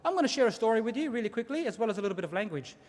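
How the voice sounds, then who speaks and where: A middle-aged Australian man giving a lively ceremonial welcome speech, telling stories and asking the audience to repeat words. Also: high voice, very fast. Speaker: Aboriginal elder giving a welcome to country. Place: large ceremony hall. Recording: long hall reverb.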